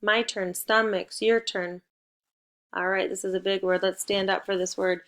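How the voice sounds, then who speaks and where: Gravelly-voiced woman teaching phonics. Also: mid-range voice, steady tone, fairly bright tone. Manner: spells letters out slowly and leads playful call-and-response. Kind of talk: recorded phonics lesson for young children.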